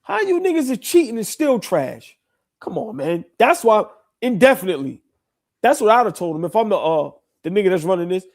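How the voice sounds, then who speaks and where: A man co-hosting a live basketball reaction show, talking loud and profane with mocking asides. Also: sits high, sing-song, brisk. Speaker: podcast co-host. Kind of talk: casual sports reaction chat.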